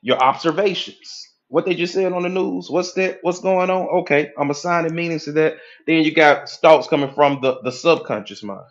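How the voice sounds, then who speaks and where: Animated man lecturing at a whiteboard. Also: fairly high pitch, moderate pace, hardly any pauses, muffled recording. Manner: animated, acts out inner voices with casual profanity. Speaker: hypnotherapy coach.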